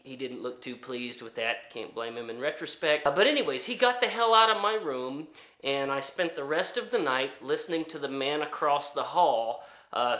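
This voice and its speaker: A man's voice: medium pitch, pushed and bright, reverberant. A man telling a story in a casual, rambling way, full of fillers and restarts. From United States. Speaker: storyteller vlogger.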